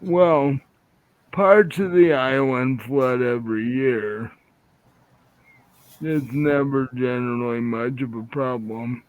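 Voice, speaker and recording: A man's voice: medium pitch, fairly even intonation, slow, dry recording, pitched below the performer's own voice, lightly acted. A man voicing a golden lizardfolk mayor who speaks in a lizard-like voice, over a tinny phone-like line. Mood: welcoming. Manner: says he speaks in a completely lizard voice.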